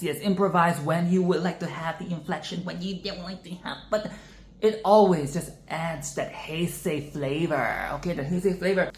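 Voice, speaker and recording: A woman hosting a casual singing lesson, chatty and self-interrupting, who often breaks into sung and exaggerated vocal demonstrations. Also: deep voice. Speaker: singing tutorial host. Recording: echoey room.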